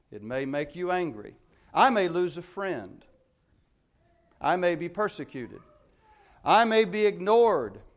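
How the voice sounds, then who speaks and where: A man preaching with urgent emphasis, his voice sitting somewhat high for a man. He moves between soaring, loud declarations and quiet, low asides as he works through the text. It is a pastor's sermon delivery. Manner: emphatic preaching with wide swings in loudness.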